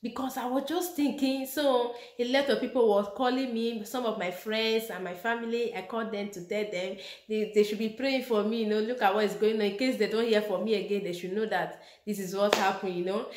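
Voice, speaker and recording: Young female vlogger, chatty and laughing, recorded in an echoey room. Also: fairly high pitch. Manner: chatty, laughs often while telling. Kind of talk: casual personal storytelling.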